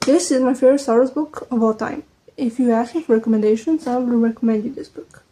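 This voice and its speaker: A woman's voice: a little high, rough recording. Chatty young woman, non-native English. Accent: American-leaning English, second language. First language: not English. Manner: chatty, quick, trailing off into soft asides. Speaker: book vlogger. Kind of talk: casual chat.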